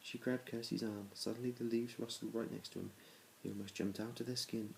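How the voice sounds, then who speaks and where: Reading a storybook to his children, this man speaks briskly in a level, mid-range voice that is creaky and a little mellow. His delivery stays plain, broken by small restarts, and he barely changes his voice for different characters. Slight background noise runs under the low-quality audio.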